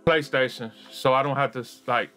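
A man streaming a game live, excitable and swearing a lot as he yells at the game, with game music behind him. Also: medium pitch, moderate pace. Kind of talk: live gameplay commentary.

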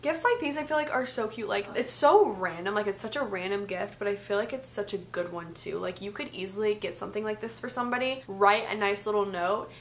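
A woman's voice: mid-range voice, a little fast, few pauses, slight background noise. A young woman in her twenties chatting casually in a gift-guide vlog from her bedroom, saying "like" a lot. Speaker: vlogger. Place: bedroom at home. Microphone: vlog camera.

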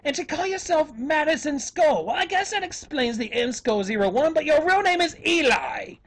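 This YouTube commentator rants profanely against other video makers, cursing and insulting them in the guise of an evil professor with an affected British accent. His voice is very high-pitched and a bit bright, with lively intonation at a moderate pace.

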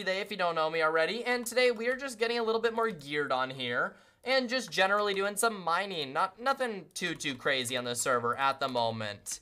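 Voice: mid-range voice, very animated, brisk, few pauses, sharp tone. A game streamer chatting casually to viewers while playing, self-deprecating and greeting everyone with repeated welcomes. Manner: chatty, self-deprecating, talks to chat constantly.

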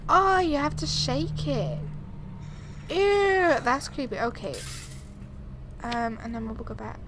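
A woman's voice: high-pitched, takes it slowly. A young woman commenting on a horror game, talking to herself with jumpy, frightened exclamations into a desk microphone at home. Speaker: gaming YouTuber. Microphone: desk USB microphone. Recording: steady background noise.

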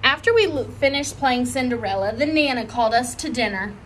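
A woman reading a children's chapter book aloud in a lively, expressive way. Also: a little high, fairly quick, slight background noise. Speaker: audiobook reader. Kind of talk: storybook read-aloud.

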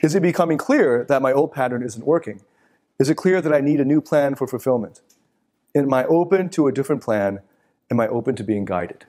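A man's voice: mid-range voice, expressive, a little fast, darkish tone. A middle-aged man giving a live motivational talk, blunt and profane, often acting out the voices of people he quotes.

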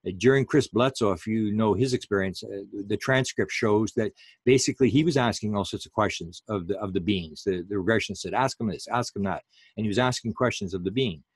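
Low-voiced man giving a rambling lecture. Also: brisk, slightly rough, dry recording. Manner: rambling, many fillers and restarts. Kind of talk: public lecture.

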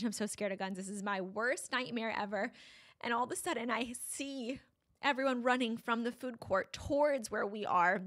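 Bright-voiced young mom telling a tale. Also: female voice, medium pitch. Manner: breathless, vivid retelling with many "like"s. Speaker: podcast guest. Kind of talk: emotional personal storytelling.

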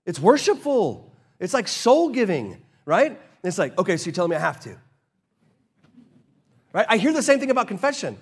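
Conversational pastor with a higher voice. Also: male voice, big pitch swings, husky. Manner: conversational, acts out both sides of dialogues; slows down and drops quiet to read scripture. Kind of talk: sermon.

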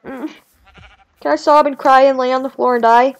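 A young woman chatting casually while playing a video game, rambling and swinging between whiny complaints and excited outbursts. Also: high-pitched, normal speed, creaky. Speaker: gaming video creator. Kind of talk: casual let's-play commentary.

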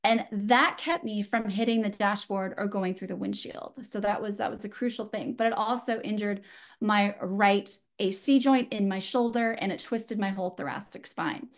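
A woman's voice: medium pitch, fairly even intonation, normal speed. A woman from San Francisco, a guest sharing a personal story in an earnest, reflective way, with frequent fillers and restarts. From San Francisco, USA. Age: adult.

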